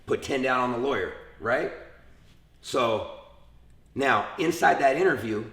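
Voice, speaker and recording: Gravelly man telling a street story. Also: mid-range voice, a little slow, echoey room. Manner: animated retelling with acted quotes and profanity. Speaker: interview guest. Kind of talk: casual storytelling interview.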